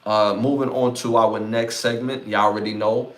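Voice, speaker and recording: A man with a Brooklyn accent hosts a live podcast in a relaxed, chatty way. His voice sits fairly low, and he keeps reading chat comments and shouting out viewers. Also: normal speed. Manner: laid-back, reads chat comments aloud, gives shout-outs. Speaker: podcast host.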